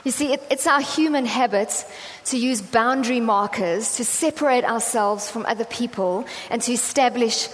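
A woman's voice: on the high side, moderate pace, hardly any pauses. A woman preaching a conversational sermon in a church hall, with a chatty, self-deprecating storytelling manner and lots of fillers. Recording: long hall reverb, faint ambience.

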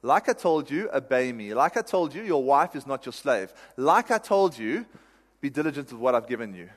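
A man's voice: mid-range voice, big pitch swings, moderate pace. God speaks in firm, patient commands and repeats each order steadily, as a man preaching acts him out. The voice carries the long echo of a large hall. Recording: reverberant hall.

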